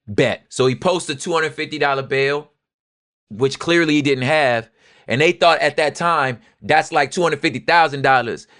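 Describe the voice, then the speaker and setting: Animated man with street-talk swagger. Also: fairly high pitch, dry recording, clean studio sound. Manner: animated, swings from quiet asides to loud street-talk outbursts. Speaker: podcast co-host. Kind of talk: casual history commentary.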